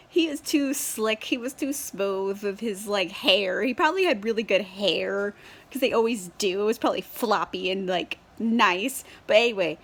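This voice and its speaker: Mid-range in pitch with a fairly bright tone, the woman is a book vlogger. She chats through a casual book review while tipsy on wine, giggly, swearing and using lots of fillers, filmed on a camera on a tripod.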